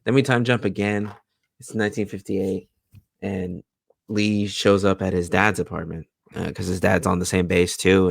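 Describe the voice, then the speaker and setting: A man's voice: low-pitched, moderate pace, gravelly, no room sound, clean studio sound. A man co-hosting a casual TV recap, talking easily and acting out characters' lines as he retells scenes. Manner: relaxed, acts out scenes with quoted lines. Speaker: podcast co-host.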